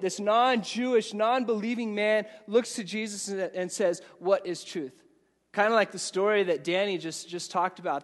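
A man preaching an evening sermon, conversational and prone to repeating words as he speaks to the congregation. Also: sits high. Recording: reverberant hall.

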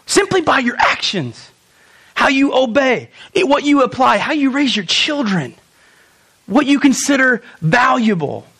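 A young male pastor delivering a sermon with a high, lively voice that swoops up and down. He fires off rhetorical questions and plays out the lines he quotes. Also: a little slow, slightly rough.

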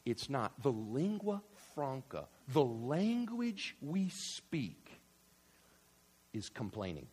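Animated New pastor preaching. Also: male voice, medium pitch, slow, slightly rough. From New York. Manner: animated, acts out everyday banter, rising to shouts; repeats "right?" often. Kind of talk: sermon.

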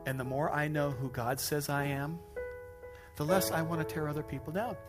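A pastor preaching a sermon to a congregation, joking and self-deprecating with animated asides. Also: male voice, fairly high pitch, moderate pace. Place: church stage before a congregation. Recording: music playing behind the speaker.

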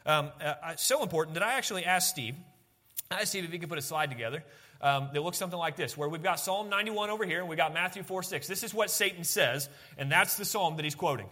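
A man's voice: a little high, fast talker, sharp tone. A man preaching a sermon as pastor, conversational and self-deprecating, repeating phrases for emphasis.

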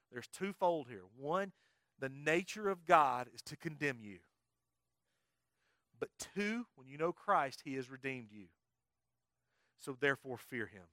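Guy preaching, high voice, pokes the crowd with questions, dry close sound. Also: pushed and bright, dry recording. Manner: emphatic call-and-response preaching, quizzing the congregation. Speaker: pastor. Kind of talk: sermon.

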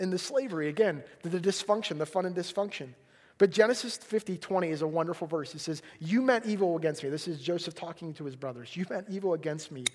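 A man preaching a sermon, retelling scripture stories with lively voices and dropping to a hush for God's words. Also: on the high side. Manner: animated, drops to a hushed whisper when voicing God.

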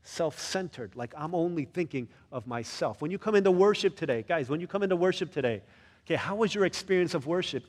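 In a church, a pastor delivers a lively, conversational sermon and keeps putting questions to his listeners. His male voice sits fairly high and sounds slightly rough, his pace is brisk, and the room leaves a long reverb tail.

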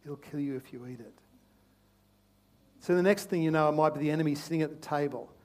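A man preaching a sermon as pastor, passionate and repetitive, swinging between loud urgent pleas and hushed, intimate tones, often stammering into restarts. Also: fairly high pitch, fast talker. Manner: repeats phrases, restarts with stammers.

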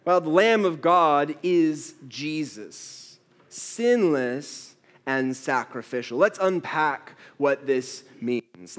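Casting: male pastor, slightly high voice, unhurried, storytelling sermon style. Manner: storytelling, playful with quoted asides.

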